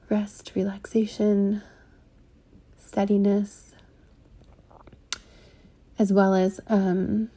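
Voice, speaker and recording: A woman reading and commenting on a channeled spiritual transmission, speaking haltingly with many ums and likes and a slightly shaky voice. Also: medium pitch, creaky, warm tone. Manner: halting, full of ums and likes, trips over words.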